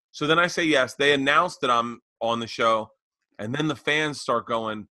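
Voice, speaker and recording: A man's voice: mid-range voice, moderate pace, dry recording. A man co-hosting a podcast, telling a story in casual chat and acting out the other people's lines. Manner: animated, acts out quoted voices. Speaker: podcast co-host.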